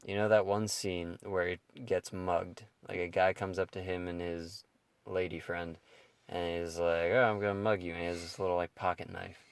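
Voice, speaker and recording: A young man with a very low, gravelly voice, chatting casually as a podcast co-host. He retells funny scenes and keeps breaking into laughter. The sound is close and dry. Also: little pitch movement, moderate pace, no room sound. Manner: laughs through his retelling of comedy scenes. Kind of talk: casual chat.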